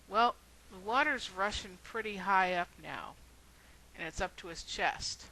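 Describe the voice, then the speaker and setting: Woman vlogger, earnest and rhetorical, slow pace, bright voice. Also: medium pitch, poor audio. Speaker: video blogger. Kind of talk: storytelling and earnest argument.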